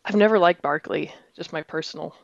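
A woman's voice: low-pitched, fairly quick, vocal fry, no echo. Wry female panelist, muffled dry lo-fi audio. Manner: wry, giggly. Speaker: podcast co-host. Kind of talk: casual chat. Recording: dull dry lo-fi.

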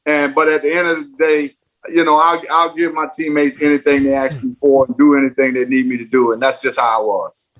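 A man's voice: mid-range voice, little pitch movement, a little fast, fairly bright tone, rough recording. A man and former baseball player, a podcast guest, telling stories emphatically and repeating phrases for effect. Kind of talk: casual podcast interview.

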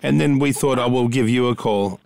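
A man's voice: mid-range voice, brisk, gravelly, darkish tone, no room sound. A man hosting a radio show, joking and teasing his co-host and a caller in casual banter. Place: radio studio.

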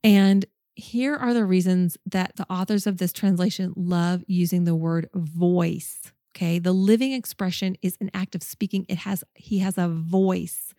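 A woman's voice: on the low side, steady tone, measured pace, warm tone, dry recording, studio quality. A woman hosting a podcast, teaching a Bible study in an earnest, enthusiastic and emphatic way, speaking into a microphone. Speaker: podcast host.

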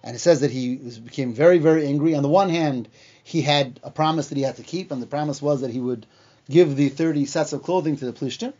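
A man's voice: fairly high pitch, fairly quick, darkish tone, dull audio. A man teaching a Bible class, retelling the story casually with many fillers and acted-out quotes. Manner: retells the story in plain words, acting out the lines with frequent fillers.

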